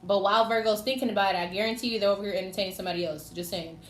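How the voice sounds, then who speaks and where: Speaking very fast in a steady, medium-pitched tone, the tarot reader chats and teases as she talks straight to each sign. The room is echoey, with a faint noise underneath.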